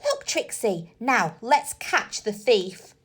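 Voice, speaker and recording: A woman voicing an excitable young boy detective in a storybook, with breathless, eager exclamations. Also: a little high, slow, exaggerated voice. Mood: excited.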